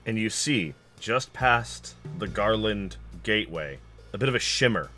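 A man's voice: lowish voice, lively intonation, unhurried, bright, forceful tone, soft background music. Man running a tabletop game. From California. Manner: descriptive, wry. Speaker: game master.

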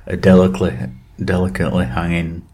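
Guy with a lowish voice chatting on a podcast, rambly, crude jokes, laughs a lot. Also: completely flat delivery, fast talker, mellow. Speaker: podcast co-host. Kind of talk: casual chat.

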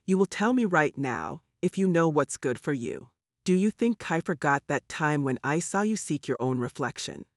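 A woman's voice: sits low, sing-song, moderate pace, no room sound, clean studio sound. A man voicing a furious, scheming older woman who rants and insists in an audiobook reading. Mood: insistent. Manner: ranting, insistent.

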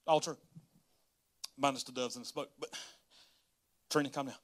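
A man's voice: a little high, normal speed, pauses often. A man, a pastor giving a casual livestream sermon full of folksy stories and laughter. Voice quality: folksy, laughing, storytelling, animated.

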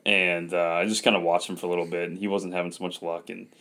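Brief: deep-voiced male co-host, animated and chatty, full of fillers. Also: fast talker. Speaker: podcast co-host. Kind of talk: casual chat.

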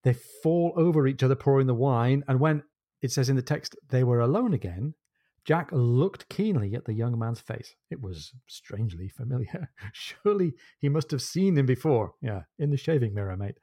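A man's voice: mid-range voice, expressive, normal speed, dark tone, dry recording, studio quality. A man hosting a podcast, retelling a novel's plot with enthusiasm and wry asides. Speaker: podcast host. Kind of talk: casual book discussion.

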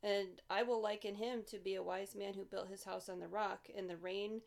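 Woman, podcast co-host, steady delivery, short clipped phrases, reciting scripture, mid-pitched. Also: moderate pace, gravelly.

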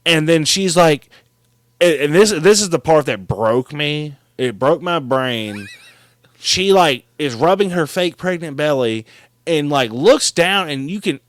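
A man co-hosting a podcast, recapping a movie in animated, swear-filled casual chat. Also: fairly high pitch, measured pace, dry recording. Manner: animated, swears freely, mimics characters.

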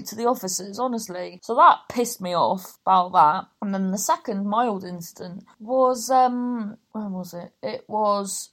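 English woman, thirties, podcast host: slightly raised pitch, loose rambling anecdotes, salty language. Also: normal speed, few pauses. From Cornwall, England. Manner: rambling, swearing storyteller who goes off on tangents. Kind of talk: casual chat.

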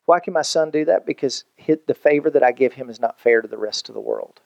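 A man pastor, preaching a sermon in an animated, conversational way with jokes and acted-out quotes. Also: mid-range voice, fast, gravelly, dry recording, muffled recording.

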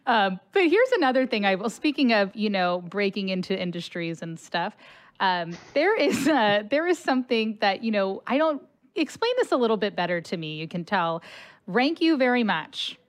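A woman's voice: medium pitch, moderate pace. A woman hosting a podcast, chatting casually and telling stories with lots of laughter. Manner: chatty, laughing, animated storytelling. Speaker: podcast host.

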